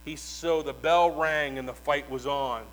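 A male preacher delivering a sermon as dramatic storytelling, moving between hushed, slow passages and shouted proclamations. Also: fairly high pitch, fairly even intonation, rough recording.

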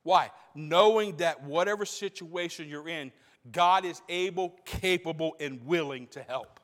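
High-voiced preacher in a reverberant hall. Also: male voice, a little slow, a bit bright. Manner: preaching with rising intensity, repeating phrases for emphasis. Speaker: pastor. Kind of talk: sermon. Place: church sanctuary.

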